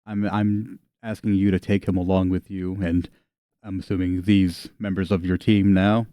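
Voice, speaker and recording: A man voicing a very old, elegant woman in a tabletop game, speaking slowly and softly with a low, mellow tone. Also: flat delivery, clean tone, no echo, studio quality, natural voice. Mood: gracious.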